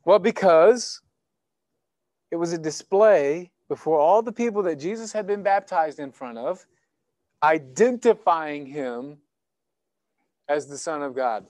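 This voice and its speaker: A man preaching a sermon in church, animated and conversational, acting out little exchanges as he goes. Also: on the high side, unhurried, long pauses, no room sound, studio quality. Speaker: pastor. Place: church sanctuary.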